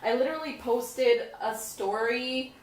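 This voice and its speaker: Young female vlogger, casual rambling talk, a bit high, recorded at a distance. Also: unhurried. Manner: rambling, laughing through tears. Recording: echoey room from a distance.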